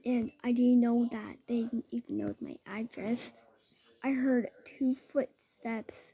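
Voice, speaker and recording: Brief: woman, high voice, slow rambling scary-story teller. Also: warm tone, dull audio. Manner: rambling, lots of "I was like" quoting. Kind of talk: improvised scary story telling.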